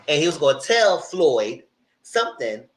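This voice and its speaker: A man casually recapping TV episodes in a live review, retelling scenes with lively acted-out lines from the characters. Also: a little high, measured pace. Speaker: TV show reviewer.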